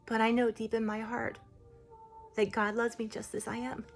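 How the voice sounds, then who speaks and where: A woman voicing a humble, gentle ancient tree spirit, speaking softly, solemnly and slowly. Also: a little high, flat delivery, gravelly, faint music behind. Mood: solemn, tender. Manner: soft, solemn, slow and hushed.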